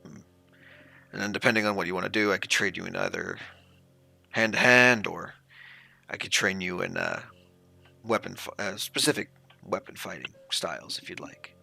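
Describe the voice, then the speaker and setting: A man's voice: sits low, sing-song, moderate pace, creaky, pauses often, bright, forceful tone, soft background music, full character voice. A man voicing a retired male ranger in his thirties who runs fight lessons, speaking in a plain, hesitant drawl. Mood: gruff.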